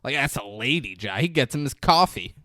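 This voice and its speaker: Animated man recapping a movie, dry sound. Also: medium pitch, a little fast, dry recording. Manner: animated retelling with quoted voices, swearing. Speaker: podcast co-host. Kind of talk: casual movie recap chat.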